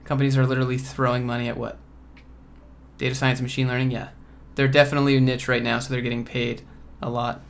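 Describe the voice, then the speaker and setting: A man from Georgia hosting a casual livestream Q&A from home, relaxed and offhand as he reads and answers chat questions. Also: medium pitch, fast, vocal fry. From Georgia, USA. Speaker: coding YouTuber host.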